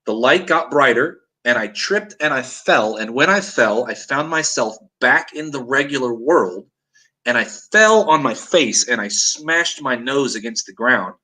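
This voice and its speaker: Guy with a bright sharp voice telling an intense personal story, acts out the quotes. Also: mid-range voice, animated, a little slow, rough recording. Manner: earnest, dramatic retelling with acted-out quotes.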